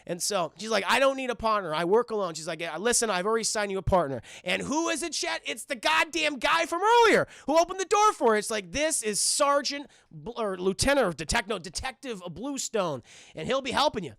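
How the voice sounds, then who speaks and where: A young man streaming a casual, profane cartoon recap to his live chat, rambling and slipping into quick voices for the characters. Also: very high voice, sing-song, creaky, fairly bright tone, no room sound, studio quality.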